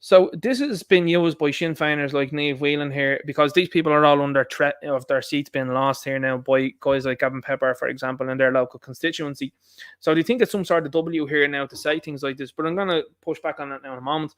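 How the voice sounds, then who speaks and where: A man's voice: a little high, fairly even intonation, brisk, a bit bright, clear, resonant tone, dry recording, studio quality. An Irish man giving opinionated solo commentary, combative and sarcastic with rambling asides. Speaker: political commentator.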